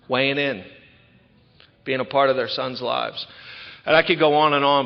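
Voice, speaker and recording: Man, 30s, recovery speaker; frank storytelling, dull lo-fi hall recording. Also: mid-range voice. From Ocean City, Maryland. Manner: candid, conversational storytelling. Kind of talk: personal testimony talk. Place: large event hall. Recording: echoey hall, dull lo-fi sound.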